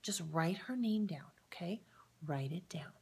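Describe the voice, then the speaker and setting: A woman's voice: fairly low pitch, animated, measured pace, darkish tone, a little hiss or hum. A woman giving an upbeat, casual sales training talk, chatting straight to the viewer and often checking in with them. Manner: upbeat and encouraging. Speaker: direct-sales presenter.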